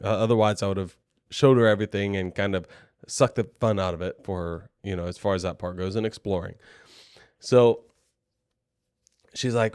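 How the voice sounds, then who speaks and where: A man's voice: fairly low pitch, fairly even intonation, normal speed, long pauses, a little mellow, smooth, no echo, clean studio sound. A young adult man co-hosting a podcast, telling a story in a chatty, rambling, self-deprecating way. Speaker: podcast co-host.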